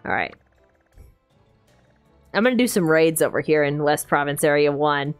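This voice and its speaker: A woman's voice: low-pitched, normal speed, smooth, faint music behind. A woman streamer giving casual, chatty commentary over gameplay while talking to her chat. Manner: chatty, animated, talks to chat.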